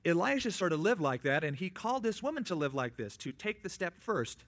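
A man preaching a sermon in a conversational way, with quick asides and acted-out quotes. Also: high-pitched, big pitch swings, a bit bright. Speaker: pastor.

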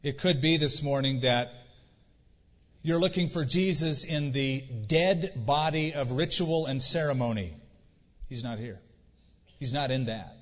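A male pastor preaching an earnest sermon in a church, asking rhetorical questions and pausing for effect. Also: mid-range voice. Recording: dull recording with long church reverb.

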